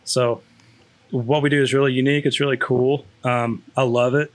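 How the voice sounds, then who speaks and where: A man's voice: mid-range voice, little pitch movement, moderate pace. A man, a school district network specialist, chatting casually with many restarts and fillers. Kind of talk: casual chat.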